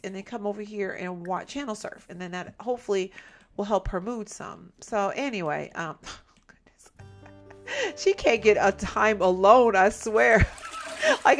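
Chatty woman with an animated voice. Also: mid-range voice. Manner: chatty, exasperated, talks to the audience as "y'all". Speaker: gameplay commentator. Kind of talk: casual let's-play commentary.

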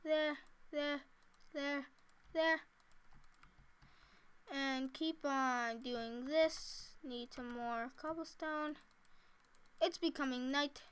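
A woman's voice: sits high, extremely slow, pauses often, fairly bright tone. A woman casually talking to herself while she plays a building game, chatty and giggly. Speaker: gameplay commentator. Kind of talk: casual let's-play commentary.

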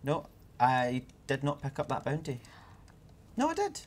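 A man's voice: medium pitch, huge pitch swings, measured pace, slight background noise. Playful British man streaming a game. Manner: playful, joking, thinks aloud. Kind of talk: casual let's play chat.

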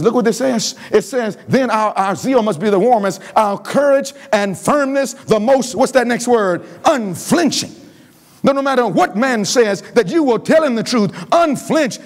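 Fervent preacher with a lively, high voice. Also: male voice. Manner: call-and-response questioning of the congregation; fervent, swings between loud emphasis and low pleading. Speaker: pastor. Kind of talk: revival sermon. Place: church sanctuary.

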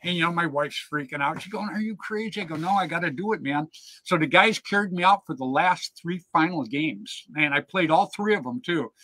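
A man hosting a show, telling casual stories in an animated, chatty way and checking in with "right?" and "man". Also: on the high side, fairly quick, dry recording. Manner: animated yarn-spinner, peppers lines with "man" and "right?". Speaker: show host. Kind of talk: casual storytelling chat.

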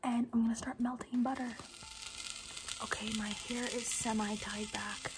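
A woman's voice: on the high side, level tone, normal speed, background noise. A young woman, a student, chatting in a casual cooking vlog, mostly whispering in her home kitchen late at night. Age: young adult. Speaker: student vlogger.

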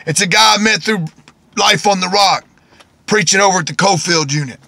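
A man's voice: high voice, normal speed, creaky, sharp tone, dry recording. A man preaching informally, repeating his points, quoting scripture and checking in with "okay?".

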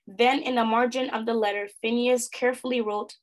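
A woman reading a storybook aloud expressively as a teacher, pausing to pose questions to her listeners. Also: a little high, steady tone.

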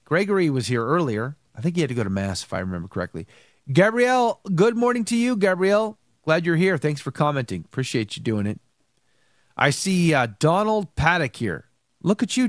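A man's voice: fairly high pitch, dry recording, studio quality. A man hosting a live news stream, nasal and congested from allergies, chatting casually and greeting viewers one by one. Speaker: host of a live news show.

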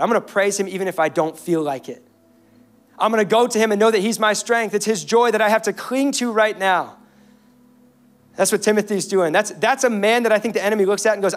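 A young man preaching a sermon in a church, moving between intense and hushed passages. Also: high-pitched, brisk. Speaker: pastor. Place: church auditorium.

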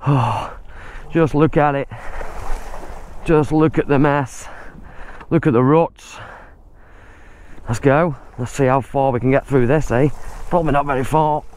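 A man's voice: medium pitch, fairly even intonation, measured pace, pauses often, darkish tone, slight background noise. A man, out of breath, giving chatty running commentary while riding an e-bike through muddy woods outdoors. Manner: chatty, exclaims at the mud.

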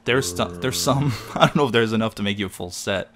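A man chatting casually while playing a game with a friend, excitable and quick to yelp when startled. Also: a little hiss or hum. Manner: excitable, jumps high in pitch when startled. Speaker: gamer. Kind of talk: casual gaming commentary.

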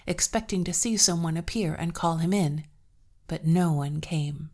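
Woman reading an old folktale, calm measured voice, on the low side. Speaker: storyteller. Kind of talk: scripted narration of a folktale.

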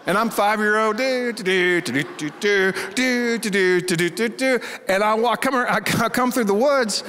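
A pastor from Texas with a Texas accent, preaching in a folksy, animated storytelling style and acting out the voices in his stories. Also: sits high, moderate pace, a little hiss or hum. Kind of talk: storytelling sermon. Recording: reverberant church hall.

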